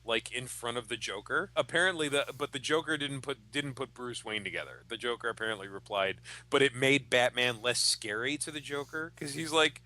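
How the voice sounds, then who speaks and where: Podcast host, male, bright and forward voice, lively storyteller who voices the characters. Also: medium pitch, fairly quick, hardly any pauses. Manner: animated storyteller, acts out comic characters' quotes. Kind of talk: casual chat.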